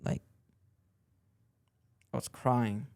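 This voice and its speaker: A man's voice: very slow, a little mellow, no room sound. Young guy podcast host, dry close sound, just rambling on about his life, repeats stuff a lot. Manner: rambling, repeats himself, lots of "like". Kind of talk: personal storytelling.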